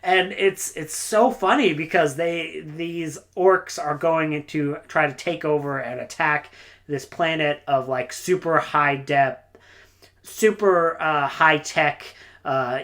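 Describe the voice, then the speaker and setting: A woman's voice: deep voice, fairly even intonation, unhurried, fairly bright tone. A woman reviewing books in a casual, rambling monologue, enthusiastic and full of "like" and "uh". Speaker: book reviewer.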